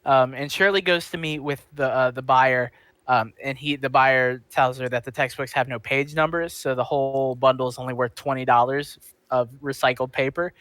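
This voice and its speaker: Bright-voiced man rambling through a recap. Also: mid-range voice, steady tone, normal speed, dry recording. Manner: rambling recap with frequent ums and self-corrections. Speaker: podcast co-host. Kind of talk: casual chat.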